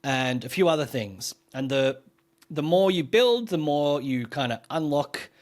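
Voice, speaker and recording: Chatty man with a slightly high voice. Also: expressive, a little slow. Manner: rambling, filler-heavy, enthusiastic explaining. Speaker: podcast co-host. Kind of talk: casual podcast chat reviewing a game.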